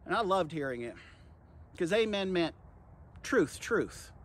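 A man preaching a devotional podcast sermon, addressing his listeners directly as friends and guys, passionate and earnest, swinging between quiet, low stretches and loud, emphatic bursts. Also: sing-song, measured pace. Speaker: pastor and podcast host.

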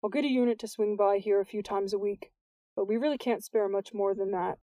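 A woman's voice: medium pitch, brisk, no room sound, natural voice. A woman playing a curt, dismissive police sergeant. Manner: flat, clipped, dismissive. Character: curt, unconcerned middle-aged male police sergeant.

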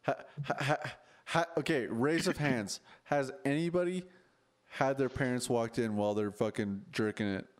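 A man's voice: medium pitch, moderate pace. A young man co-hosting a podcast, joking and laughing through casual banter. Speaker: podcast co-host. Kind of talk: casual chat.

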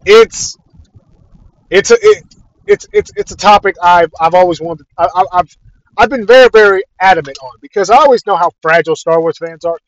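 Exasperated and full of profanity, a young podcast ranter goes off about a fandom in casual talk, repeating himself along the way. His voice is high and a little quick, captured in dry, dull lo-fi audio.

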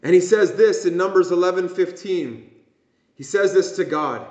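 High-voiced preaching man in echoey church. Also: normal speed, darkish tone. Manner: impassioned preaching, acting out whining voices. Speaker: pastor. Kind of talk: sermon. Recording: echoey room, dull lo-fi sound.

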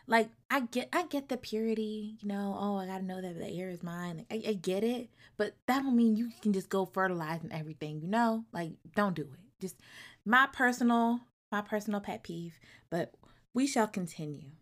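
A woman retelling a novel's plot in a casual chat, acting out the characters' lines and breaking into loud, colloquial asides. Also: medium pitch, moderate pace. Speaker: book reviewer. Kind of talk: casual book recap.

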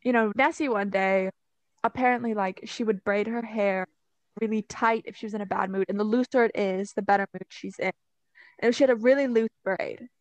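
A woman's voice: mid-range voice, dry recording. Chatty young woman retelling a story. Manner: chatty, heavy use of "like" and "you know". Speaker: podcast co-host. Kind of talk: casual storytelling chat.

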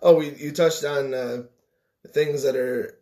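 A man's voice: medium pitch, fairly even intonation, slow, darkish tone. A man co-hosting a casual podcast chat, talking in an easygoing way with frequent fillers. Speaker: podcast co-host.

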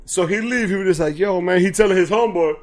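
A man's voice: high voice, rapid-fire. A man co-hosting a podcast, retelling a TV episode in casual chat, acting out the characters' lines and laughing often. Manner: animated storyteller, acts out characters' lines, laughs often, heavy profanity. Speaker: podcast co-host.

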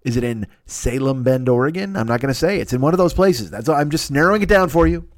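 A man's voice: medium pitch, expressive, quick pace, no echo, studio quality. A man hosting a podcast who delivers a profane, mocking comedic rant about the sponsors and slang. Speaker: podcast host.

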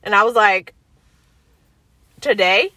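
Animated young woman, dry close sound. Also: mid-range voice, fairly quick, no echo. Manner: animated, acts out quoted voices. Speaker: storyteller. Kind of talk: casual chat.

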